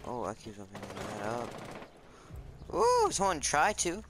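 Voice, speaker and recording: A young man chatting casually over his own gameplay, jumpy and quick to yelp when startled. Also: on the high side, wildly swooping pitch. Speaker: gamer streaming his match. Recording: noisy game audio behind voice.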